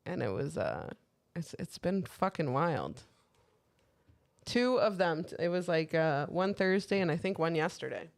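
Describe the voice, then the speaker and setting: This podcast co-host's fairly low, creaky voice swings widely in pitch, and she speaks a little slowly. Chatting casually, she shares candid stories, swears a lot, and quotes herself along the way.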